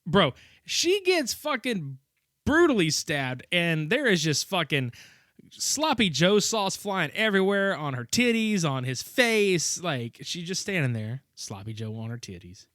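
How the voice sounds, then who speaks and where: Podcast co-host, male, swearing, laughing, lively pitch, dry close sound. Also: a little slow, no room sound. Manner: profane, laughing, animated retelling. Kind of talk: casual movie-review chat.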